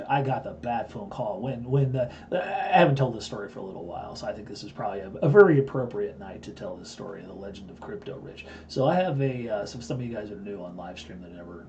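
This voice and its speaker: A man's voice: on the low side, mellow, slight background noise. A man in his fifties hosting a live stream, telling a story in a blunt, boastful way. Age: 50s. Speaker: live-stream host and trading teacher.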